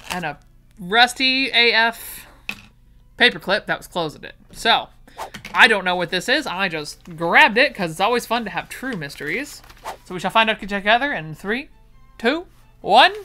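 A woman's voice: mid-range voice, bright, forceful tone, slight background noise. A woman chatting enthusiastically while unboxing vintage sewing patterns, gushing over each find. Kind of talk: casual unboxing chat.

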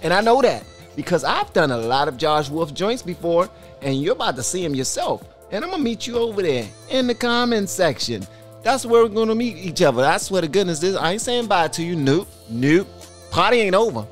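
Man, reaction host, casual swearing talk, lively swooping pitch, faint music underneath. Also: brisk. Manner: animated, swearing, exclaiming.

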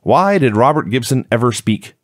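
A man's voice: medium pitch, lively intonation, normal speed, dry recording. A man co-hosting a wrestling review podcast, recapping events in a dry, sarcastic way. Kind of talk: casual chat, recapping.

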